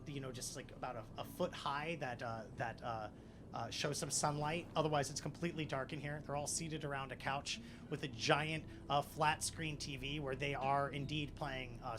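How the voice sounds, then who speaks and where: A man's voice: medium pitch, background noise. A man narrating as game master of a tabletop role-play, rambling with many fillers.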